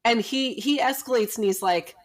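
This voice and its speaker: Her voice a little high and her speed normal, a middle-aged woman, a doctor who co-hosts a podcast, shares a family anecdote in relaxed talk. She brings the tale to life by acting out each person she quotes.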